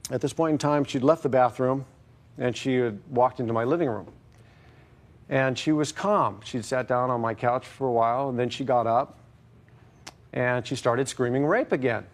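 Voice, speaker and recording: A man testifying at length in a courtroom, hesitant and wordy, repeating stock phrases. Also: mid-range voice. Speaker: litigant in a courtroom show.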